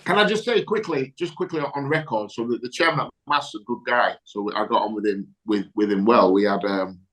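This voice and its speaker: Man, podcast co-host, casual chat, conversational, asks quick questions. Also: fairly low pitch, fairly bright tone, low-quality recording. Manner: conversational, quick to agree, fires off follow-up questions.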